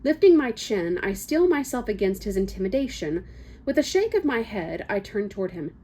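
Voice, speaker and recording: A woman's voice: mid-range voice, big pitch swings, normal speed, dark tone, slightly rough. A woman reading a first-person novel excerpt aloud, with small slips and casual asides. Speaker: book reader.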